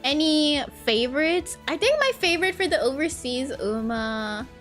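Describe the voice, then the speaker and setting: Chatty, rambling streamer woman with a high voice. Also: very animated, moderate pace, fairly bright tone, soft background music. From California. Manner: rambling and chatty, full of "like" fillers; laughs often at her own stories. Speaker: VTuber streamer. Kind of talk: casual livestream chat while playing.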